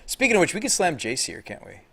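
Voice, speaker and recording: A man streaming live, commenting on a card game and chatting with viewers in a deadpan delivery with little inflection. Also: a little high, fast talker, vocal fry. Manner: thinks aloud, chats with viewers.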